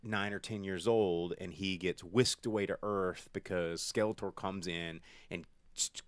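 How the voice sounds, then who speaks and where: A man co-hosting a casual movie-review podcast, rambling and animated, acting out lines in silly voices. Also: low-pitched, a little slow, clean tone, no room sound. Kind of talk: casual chat. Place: studio.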